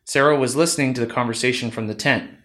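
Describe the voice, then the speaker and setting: A man hosting a podcast, reading Bible passages aloud in a plain, steady voice. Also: medium pitch, fast. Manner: plain steady narration, casual with fillers in sign-off. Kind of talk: scripture reading.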